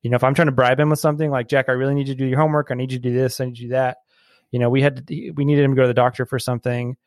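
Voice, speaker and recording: A man in his thirties, a podcast guest telling stories in a loose, animated way, laughing often and filling gaps with um and like. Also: medium pitch, very fast, no room sound, clean studio sound. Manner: animated storyteller, laughs often, many fillers. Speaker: podcast guest, brewery employee. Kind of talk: casual podcast conversation.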